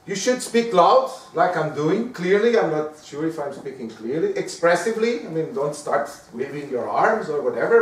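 High-voiced man lecturing. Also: normal speed, hardly any pauses. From Portugal. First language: Portuguese. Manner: lively, conversational, often asks the room "right?". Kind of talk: lecture on giving presentations. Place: lecture room. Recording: echoey lecture room, mic at a distance.

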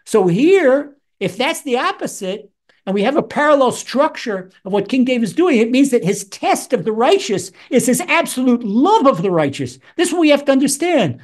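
A man teaching Psalms as a rabbi, animated, acting out voices with wide swings in pitch. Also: normal speed. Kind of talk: Torah lesson.

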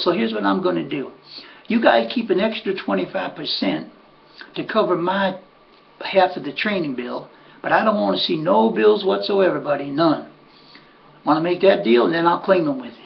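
A brash horse-owning buddy, put on by a man, lays down his terms in a raised, gravelly voice, pressing every point and repeating himself. The sound is muffled and lo-fi. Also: sits high, animated, moderate pace, pitched above the performer's own voice, heavily acted. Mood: insistent. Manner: emphatic, repeats "buddy" and "no bills". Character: brash, insistent male horse owner and buddy.

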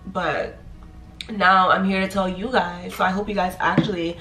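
A young woman in her twenties giving animated, encouraging advice in a casual vlog. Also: fairly low pitch, normal speed, slight background noise. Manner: animated, chatty, playful, encouraging. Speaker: nursing graduate vlogger. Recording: echoey room.

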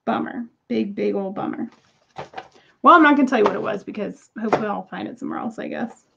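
Woman in her 30s chatting to viewers, gravelly voice, kinda exasperated, dull-ish home recording. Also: medium pitch, fast, fairly bright tone, a little hiss or hum. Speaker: crystal seller. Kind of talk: casual unboxing chat.

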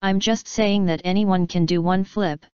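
A woman voicing a sassy, quick-witted young woman with sarcastic banter. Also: medium pitch, steady tone, a little mellow, clear, resonant tone, no room sound, natural voice. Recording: dry, slightly dull studio recording.

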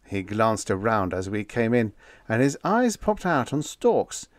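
A man narrating a humorous story in the first person, with lively, expressive storytelling. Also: on the low side, a little slow, no echo. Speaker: audiobook narrator.

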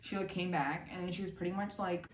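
A young woman telling a personal story in a storytime vlog, animated and sarcastic. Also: fairly low pitch, fast. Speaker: vlogger. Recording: roomy echo, distant mic, faint noise.

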